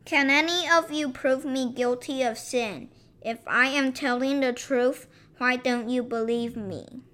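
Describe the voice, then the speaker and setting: High, bright-voiced woman reading scripture. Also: fairly even intonation, unhurried. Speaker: scripture reader.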